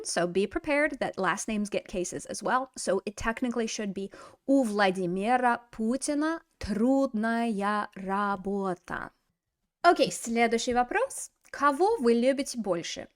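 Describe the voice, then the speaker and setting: An American woman teaching a language lesson, playful and expressive as she corrects a student's sentences. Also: a little high. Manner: playful, switching between English and Russian.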